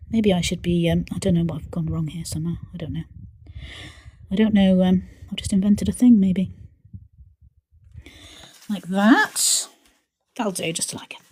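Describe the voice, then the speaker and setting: A woman hosting a live painting stream, chatting playfully to herself as she works and sometimes dropping to a soft mutter. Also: lowish voice, slightly rough. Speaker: art channel host.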